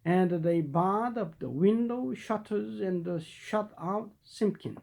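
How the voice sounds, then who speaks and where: This is a storyteller reading an old children's tale aloud at a very slow, easy pace. The pitch sits in the middle of the range. Small stumbles and restarts come through now and then, and they make the reading sound natural and unpolished. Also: creaky, a little mellow. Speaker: storybook reader.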